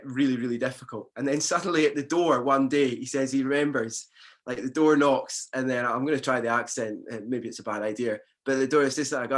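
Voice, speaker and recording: A male pastor preaching a sermon in a relaxed, conversational way, with frequent fillers and restarts. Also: medium pitch, a little fast.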